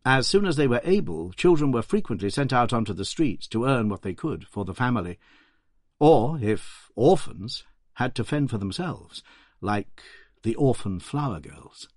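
A man giving scripted documentary narration in a measured, storytelling delivery. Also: mid-range voice, expressive, darkish tone, no room sound, clean studio sound.

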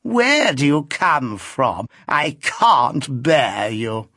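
A man voicing an affected, languid old lady in a storybook reading, speaking in a slow, high drawl with a husky edge. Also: sing-song, sharp tone, no echo, clean studio sound, heavily acted. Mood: peevish.

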